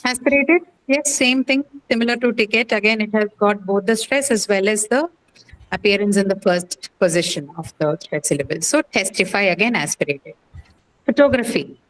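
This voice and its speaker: A woman's voice: medium pitch, moderate pace, rough recording. A woman teaching English pronunciation in a class, quizzing students patiently with many fillers and questions. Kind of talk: online class lecture.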